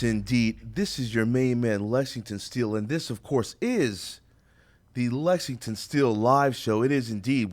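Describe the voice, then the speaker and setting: In a studio, a man with a medium-pitched voice hosts a radio talk show, bantering and cracking jokes. His delivery is playful and hyped, like an announcer's.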